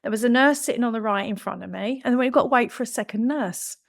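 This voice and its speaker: A woman in her fifties, a podcast guest telling a personal story in a lively way and acting out the dialogue she quotes. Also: on the high side, fast talker, gravelly. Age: 50s.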